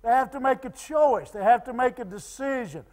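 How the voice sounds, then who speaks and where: A man preaching a sermon as pastor, halting and repeating words with many fillers, dropping to soft pleading tones when quoting. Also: extremely high pitch, expressive. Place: church sanctuary. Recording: long church reverb.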